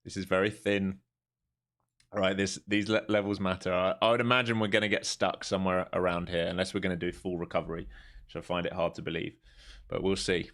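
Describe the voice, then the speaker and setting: A man's voice: deep voice, little pitch movement, a bit bright. An English man live-streaming his futures trading, chatting casually and joking between calls on price levels. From England. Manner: chatty, laughs often, quick jokes between chart calls.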